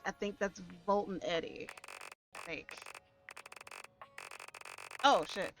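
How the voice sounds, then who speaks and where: A woman streamer giving live gameplay commentary, expressive, swearing often and laughing a lot. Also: mid-range voice, slow pace, over music.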